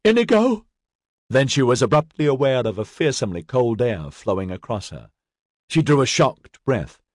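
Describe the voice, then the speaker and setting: A man reading a science fiction story aloud in a measured, expressive way. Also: on the low side, breathy edge, no echo, clean studio sound. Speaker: audiobook narrator. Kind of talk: scripted narration.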